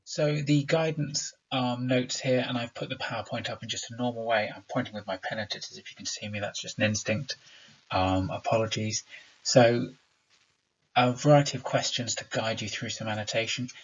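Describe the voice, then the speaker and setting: A man's voice: medium pitch, steady tone, moderate pace, dull audio. A man teaching a recorded remote lesson. He explains patiently and sounds out rhythms aloud to make his points.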